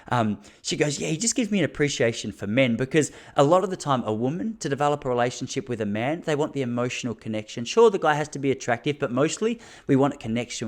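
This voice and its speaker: An Australian man in his thirties hosting a solo podcast, talking bluntly and laughing between points. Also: mid-range voice. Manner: fired-up, blunt, laughs often, acts out quotes. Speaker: podcast host. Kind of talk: casual solo podcast monologue.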